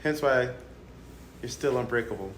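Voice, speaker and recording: A man's voice: medium pitch, normal speed. A man interviewing a guest in a documentary, friendly and joking with frequent laughs. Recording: echoey room with background noise.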